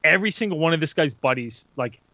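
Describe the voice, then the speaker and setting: A man telling a story in a lively, profane way, laughing as he talks, on dull lo-fi audio. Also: a little high, fast, dry recording. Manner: animated, profane, laughs while talking. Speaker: podcast co-host. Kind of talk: casual storytelling.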